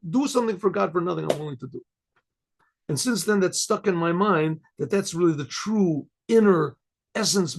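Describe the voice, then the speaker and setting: An older man, a rabbi, telling a story to his class in a rambling way, repeating himself and often clearing his throat. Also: sits high.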